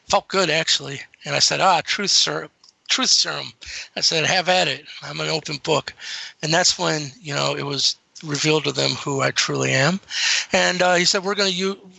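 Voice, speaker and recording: A middle-aged man guesting on an interview, telling rambling, animated stories about his encounters. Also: a little high, gravelly, no echo, rough recording. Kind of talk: casual storytelling.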